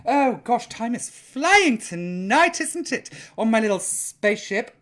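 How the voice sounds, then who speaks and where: A woman's voice: a little high, sing-song, takes it slowly, hardly any pauses, fairly bright tone. Cheeky tipsy woman host. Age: older. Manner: cheeky, sweary and rambling. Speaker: host reading out viewer comments. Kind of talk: live-streamed casual chat.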